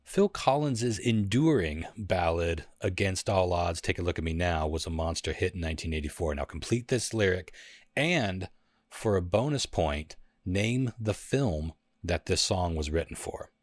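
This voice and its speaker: A man hosting a music lyrics quiz in a casual podcast, playful and quick to laugh. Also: animated, no echo, studio quality. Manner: playful, laughs often, sings lyrics in a high falsetto. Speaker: host running a lyrics quiz.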